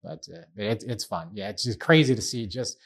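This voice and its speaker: A man's voice: lowish voice, animated, moderate pace. A middle-aged man hosting a podcast, talking in a chatty, self-deprecating way. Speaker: podcast host. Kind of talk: casual podcast chat.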